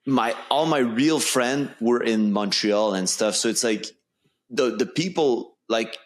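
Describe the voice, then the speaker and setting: A man's voice: mid-range voice, measured pace. Informal male podcast host. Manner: warm, informal, says "bro". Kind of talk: casual conversation.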